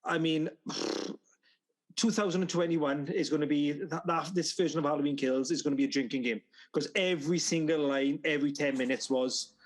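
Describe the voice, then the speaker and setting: A man's voice: on the high side, normal speed. A man casually discussing a film, sarcastic and mocking lines as he goes. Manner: sarcastic, mocks lines in flat voices. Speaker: film review podcast co-host.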